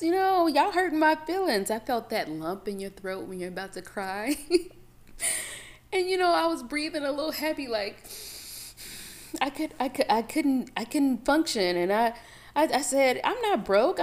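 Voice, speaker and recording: Animated woman telling her story. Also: medium pitch. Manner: animated, dramatic retelling with lots of "you know". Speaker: podcast host. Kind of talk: casual storytelling.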